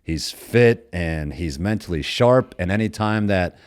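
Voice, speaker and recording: A man's voice: sits low, lively intonation, measured pace, clear, resonant tone, no room sound, studio quality. A man in his thirties hosting a podcast, talking in a rambling, opinionated way about current events. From United States. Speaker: podcast host. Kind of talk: casual chat.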